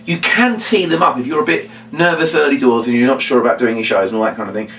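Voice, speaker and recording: A man explaining a children's party routine and acting out what he says to the kids, with big bursts of shouting. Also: medium pitch, fast talker, a little hiss or hum. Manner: animated, acts out lines to children with big shouts. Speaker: children's entertainer teaching a routine. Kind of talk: instructional talk with acted demonstrations. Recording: voice from a distance off the mic.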